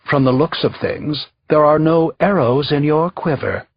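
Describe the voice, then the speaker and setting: A man's voice: on the high side, measured pace, no echo, dull audio, pitched above the performer's own voice. A man voicing a scheming, smirking older royal vizier who speaks in a sly, coaxing way.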